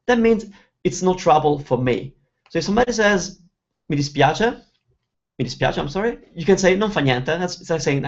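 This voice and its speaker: A man teaching as host of an online webinar, reading out viewer questions and slowly sounding out example words. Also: a little high, animated, dull audio. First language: Italian. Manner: reads out viewer questions, then slowly spells out pronunciation. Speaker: Italian teacher. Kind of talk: webinar Q&A lesson.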